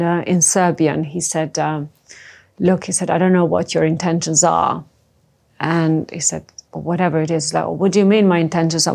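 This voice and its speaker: A middle-aged woman from the former Yugoslavia, recounting her past in a halting, emotional personal testimony. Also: on the low side, vocal fry, mellow. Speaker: interview guest.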